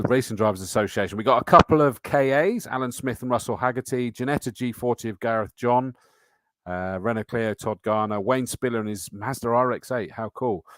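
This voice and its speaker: Chatty man, lowish dry voice. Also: moderate pace, no echo. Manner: chatty, matey, reads out comments and entry lists. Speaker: host. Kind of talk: live-stream chat reading viewer comments.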